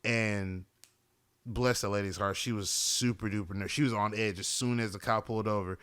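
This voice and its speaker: A man's voice: fairly low pitch, steady tone, moderate pace, fairly bright tone, clean tone, no echo. A man hosting a podcast in a casual monologue, rambling, swearing freely and often asking "you know what I'm saying". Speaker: podcast host.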